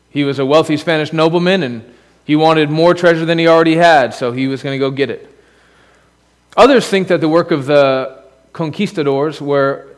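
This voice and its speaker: A man's voice: fairly high pitch, in a large hall. A man preaching a sermon in a church as pastor, conversational, with asides and rhetorical questions. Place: church sanctuary.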